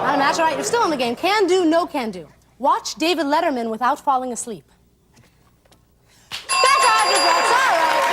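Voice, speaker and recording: A woman's voice: high voice, very noisy. A woman hosting a television game show with bubbly quips, speaking in a put-on English accent. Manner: bubbly, quick quips to contestants. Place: TV studio with live audience. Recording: loud studio music and audience.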